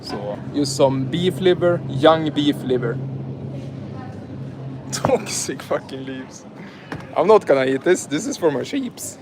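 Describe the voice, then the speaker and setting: A man's voice: on the high side, animated, unhurried, noisy background. A man chatting and joking with his viewers on a live stream while he drives and then shops, recorded on a handheld phone. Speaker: livestreamer. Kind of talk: casual live-stream chat. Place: car, then inside a large grocery store. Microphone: phone held in hand.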